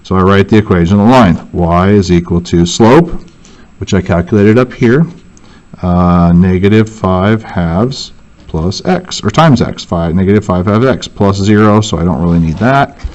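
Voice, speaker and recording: A man's voice: sits low, normal speed, a little mellow, muffled recording. A male teacher walking through a worksheet and thinking aloud, correcting himself as he goes. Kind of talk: worksheet walkthrough lesson.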